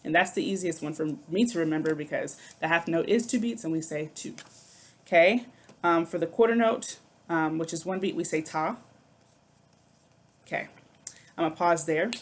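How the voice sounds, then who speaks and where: A woman's voice: low voice, moderate pace, long pauses. A woman music teacher explaining rhythm syllables in a recorded lesson, patient and step by step, checking in with "okay".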